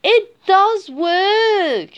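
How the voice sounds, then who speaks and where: A woman voicing a gentle young female cat who sings high meows in a storybook. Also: sing-song, takes it slowly, lo-fi sound, exaggerated voice. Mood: hopeful.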